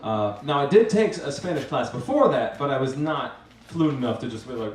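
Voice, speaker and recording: A man spins a live stage story, stumbling through restarts and poking fun at himself. His voice sits at an ordinary pitch and comes from across a reverberant room. Faint ambient noise sits under him. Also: lively intonation, a little fast, darkish tone. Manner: rambling and self-mocking, with many restarts. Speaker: master of ceremonies telling a story. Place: live event venue with an audience. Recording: roomy, distant mic, faint ambience.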